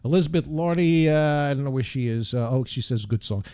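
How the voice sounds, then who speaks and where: Host: a man with a mellow, dark tone, meandering and joking at his own expense, in a dry, close-sounding recording. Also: mid-range voice, a little fast, clear, resonant tone, no echo. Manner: wry, self-deprecating, meandering asides. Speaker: radio show host. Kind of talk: casual rambling monologue.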